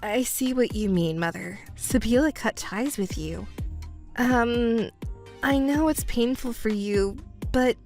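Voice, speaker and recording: A woman voicing a cool-headed young stepdaughter who speaks calmly and coldly in a texting story. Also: a little high, slow, soft background music. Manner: calm, cold and matter-of-fact.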